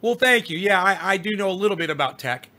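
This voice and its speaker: A middle-aged man hosts a casual livestream, reading out viewers' comments and answering them at length. His voice sits high and sounds bright. He rambles and swears freely as he lectures the chat. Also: lively intonation, fast talker. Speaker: live streamer reading chat.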